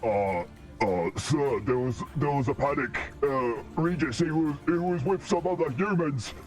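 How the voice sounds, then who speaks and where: A man's voice: fairly high pitch, measured pace, soft background music, close to an everyday voice. A man playing a timid, hulking male ogre servant who stammers and apologizes. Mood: fearful.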